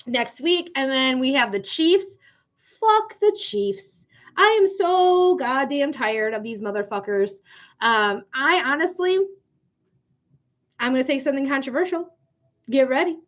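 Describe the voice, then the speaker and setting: A woman's voice: high voice, measured pace, a bit bright. A woman hosting a live psychic reading stream, chatting casually in a blunt, profane way with frequent laughs. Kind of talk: casual livestream chat.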